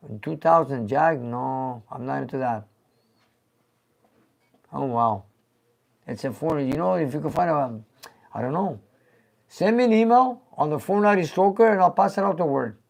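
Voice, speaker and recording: An older man chats casually as host of a live stream, reading viewer messages aloud with lively reactions. His voice sits a touch high and carries a gravelly edge. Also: moderate pace, pauses often. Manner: reads viewer comments aloud, animated and laughing. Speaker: show host.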